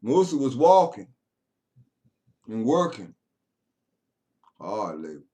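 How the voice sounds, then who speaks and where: A man preaching a sermon, swinging between loud raised lines and low murmured passages. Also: big pitch swings, slow. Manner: preaching with rising chanted bursts and low murmured stretches.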